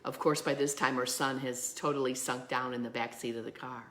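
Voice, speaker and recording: Bright-voiced woman minister telling a story. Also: extremely low pitch, fairly quick. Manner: animated storyteller, acts out the quoted voices; drops to a soft hush at the close. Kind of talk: sermon with storytelling.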